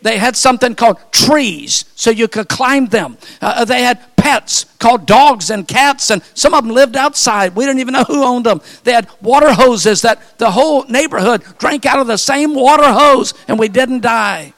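An older man preaching a sermon, telling folksy stories and building to fervent, shouted appeals. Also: very high-pitched, moderate pace, hardly any pauses. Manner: fervent, rising to shouted calls; folksy storytelling with repeated phrases.

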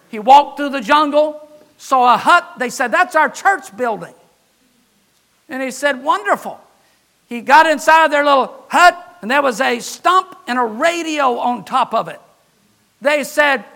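A man preaching a sermon as pastor, older, with impassioned delivery that rises to shouts on key words. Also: extremely high pitch.

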